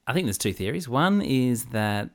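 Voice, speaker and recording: Deadpan joking podcast co-host man. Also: medium pitch, normal speed. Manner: dry, deadpan humor. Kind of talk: casual podcast banter.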